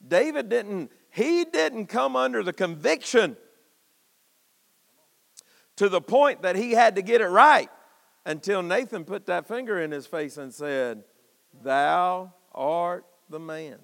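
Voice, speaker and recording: High-pitched gravelly preacher. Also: male voice, lively intonation, unhurried, pauses often, a bit bright, in a large hall. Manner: impassioned, folksy, calls out to congregation. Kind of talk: sermon. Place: church sanctuary.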